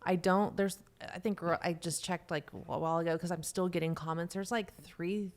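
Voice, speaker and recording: A woman's voice: on the low side, steady tone, normal speed. A woman comedian, a guest on a podcast, chatting candidly with self-deprecating humor. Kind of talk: casual chat. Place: podcast studio.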